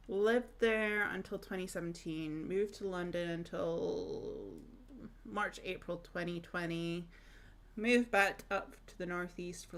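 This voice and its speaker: Woman, young adult, northeast Scottish accent, slow pace, casual streamer chat, rambling storyteller. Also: lowish voice. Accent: northeast Scottish (Aberdonian). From northeast Scotland. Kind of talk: casual chat while gaming.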